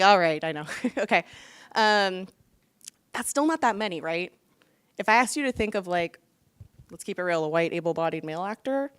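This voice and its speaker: A woman's voice: mid-range voice, smooth, no room sound. A woman leading a workshop, speaking in a casual, chatty way with plenty of fillers. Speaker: workshop leader. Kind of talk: workshop presentation.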